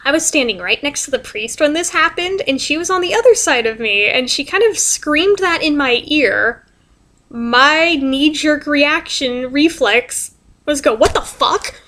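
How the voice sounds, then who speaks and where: Young woman vlogger, high voice, casual, exasperated, salty language. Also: lively intonation, measured pace, pushed and bright. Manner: chatty, exasperated, swears freely. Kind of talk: casual storytelling vlog.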